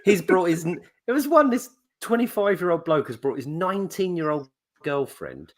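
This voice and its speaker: A man's voice: sits high, big pitch swings, moderate pace. A man co-hosting a podcast, rambling through a story and acting out quotes in different voices. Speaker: podcast co-host. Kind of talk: casual chat.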